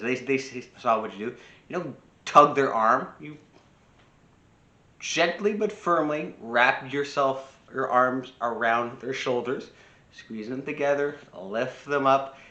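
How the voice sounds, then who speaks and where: A man's voice: mid-range voice, pushed and bright, reverberant, highs cut off. A man giving casual spoken advice on parenting, talking freely with restarts and acting out short quoted lines. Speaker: personal growth speaker.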